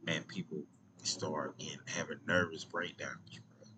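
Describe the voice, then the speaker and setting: A man's voice: rumbling low, steady tone, a little slow, background noise. A man with an Atlanta accent telling stories in a casual vlog, loose and slangy, often dropping to near-whispers. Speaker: vlogger.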